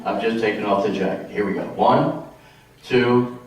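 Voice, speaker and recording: Middle-aged guy doing stand-up, chatty joke storytelling, regular pitch, super echoey hall recorded from way back. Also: moderate pace, far from the mic. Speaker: stand-up comedian. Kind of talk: stand-up comedy routine. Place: stage in a senior community hall.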